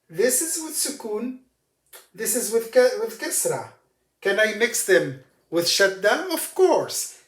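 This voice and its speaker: A man teaching Arabic letters and vowel marks, speaking slowly and patiently and repeating each word for the learner. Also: sits high, echoey room. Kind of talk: language lesson.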